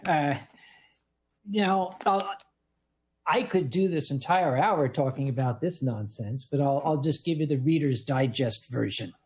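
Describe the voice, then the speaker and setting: A man's voice: a little high, measured pace, a little mellow, low-quality recording. A man who chairs a convention, telling stories on a casual panel in a dry, wry way.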